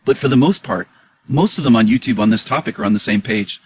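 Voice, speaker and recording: A man's voice: mid-range voice, quick pace, darkish tone, a little hiss or hum, low-quality recording. A man giving an indignant, emotional reaction commentary on clips, repeating his questions as he argues.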